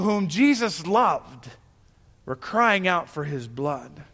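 A male pastor preaching a sermon in a church, earnest, pausing and restarting as he builds to emphatic calls. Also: high-pitched, big pitch swings, fairly bright tone, long reverb tail. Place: church sanctuary.

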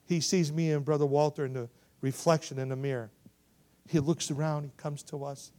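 A man delivers a sermon as a missionary, with a fairly high voice. He tells his story in bursts, getting loud at the high points and quiet at the tender ones, and often turns to the audience to ask if they remember. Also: fairly quick. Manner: animated, swings from loud to hushed, asks the audience to remember. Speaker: missionary preacher. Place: church.

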